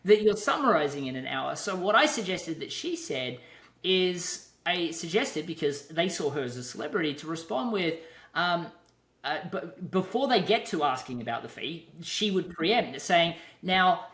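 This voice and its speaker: A man's voice: a little high, big pitch swings, moderate pace, fairly bright tone. A man hosting an interview, talking in a reflective way with frequent restarts. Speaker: podcast host. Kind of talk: casual interview chat. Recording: roomy echo.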